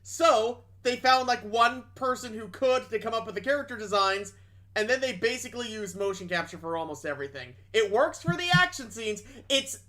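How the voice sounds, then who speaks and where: A man's voice: high voice, animated, normal speed, pushed and bright. A young man streaming games, chatting casually in a blunt, sarcastic way. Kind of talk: casual chat.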